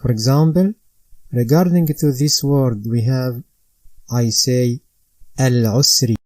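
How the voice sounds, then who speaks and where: Slow, methodical male recitation teacher. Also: mid-range voice, dark tone, no echo. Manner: methodical, spells out letters and vowel marks one by one. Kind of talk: slow step-by-step instruction.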